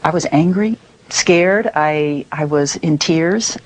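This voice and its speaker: A woman's voice: sits low, slow pace, poor audio. A woman being interviewed, speaking emotionally. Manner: emotional, recalling distress.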